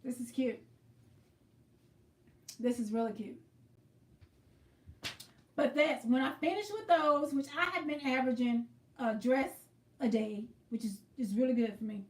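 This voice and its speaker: High-voiced woman, chatty livestream host, echoey room, sits back from the mic. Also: animated, a little slow, pauses often, far from the mic. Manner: chatty, greets viewers by name, explains as she works. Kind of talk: casual livestream chat while quilting.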